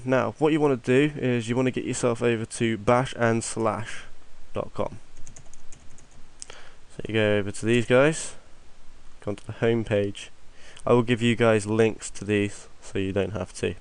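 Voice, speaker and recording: A man's voice: fairly low pitch, fairly even intonation, normal speed. A young man, rambling offhandedly through a screen-recorded game tutorial while fighting a cold. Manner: offhand, rambling, mutters to himself. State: has a cold. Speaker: tutorial maker.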